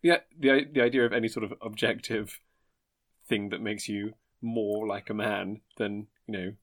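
A man's voice: on the low side, fairly even intonation, moderate pace. A man co-hosting a comic chat, dry and wry, laughing often. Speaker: podcast co-host.

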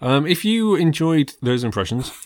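Thirties male co-host with dry teasing banter and a lively, animated delivery, recorded dry. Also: fairly high pitch, moderate pace, no echo. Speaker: podcast co-host. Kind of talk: casual chat.

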